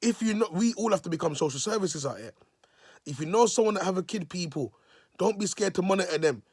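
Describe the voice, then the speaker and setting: A man's voice: sits high, expressive, quick pace, a little mellow, slightly rough, dry recording, clean studio sound. A man, a self-styled prophet preaching in a vlog, repeating himself and calling his listeners "people". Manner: repetitive, emotional, restarts phrases.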